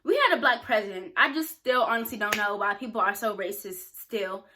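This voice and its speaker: A woman's voice: mid-range voice, a little fast, background noise. A young woman talking frankly and casually to camera, answering questions with plenty of filler words. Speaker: YouTuber.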